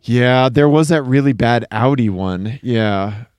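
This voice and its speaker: A man's voice: mid-range voice, no echo. Chatty man in casual car talk. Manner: relaxed, chatty, quick asides and laughs. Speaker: podcast co-host. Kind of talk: casual chat about cars.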